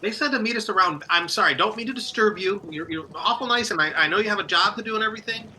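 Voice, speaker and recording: A man's voice: high voice, quick pace, bright, forceful tone, slight background noise, low-quality recording. A man voicing a fussy, apologetic male merchant who stammers and keeps saying sorry.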